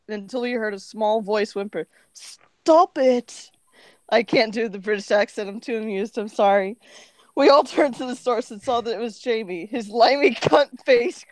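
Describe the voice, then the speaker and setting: A woman's voice: on the high side, no echo. A woman co-hosting a podcast, reading crude fan fiction aloud for laughs and giggling through it. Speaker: podcast co-host.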